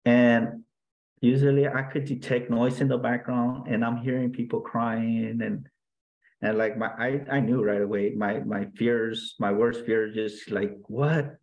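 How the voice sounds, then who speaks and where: A man, a guest in an interview, earnestly recounting a personal story in a halting way, with many restarts and fillers. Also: mid-range voice, flat delivery, darkish tone, highs cut off.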